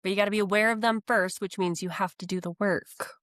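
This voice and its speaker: A woman with a mid-pitched voice co-hosts a casual podcast chat, lively and expressive and quick to laugh. Her voice is recorded close and dry. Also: no room sound.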